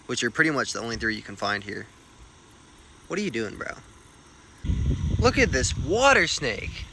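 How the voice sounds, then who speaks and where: A young man vlogging on a rural road at night, chatty, excitable and self-mocking, with slang. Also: mid-range voice, a little hiss or hum. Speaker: field herper vlogger. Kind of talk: casual vlog narration on the road.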